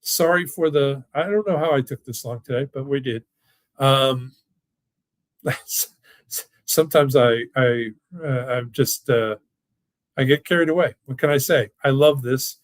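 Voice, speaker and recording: A man with a medium-pitched voice speaks at a measured pace, with no echo. He owns a financial firm and hosts a casual webinar with live Q&A from his home or office, rambling along in an enthusiastic, folksy way during this online workshop.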